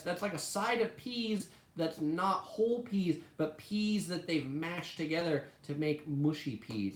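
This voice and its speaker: Hosting a relaxed food live stream, this travel channel woman is chatty and peppers her speech with "like." She speaks at a fairly low pitch in a reverberant space.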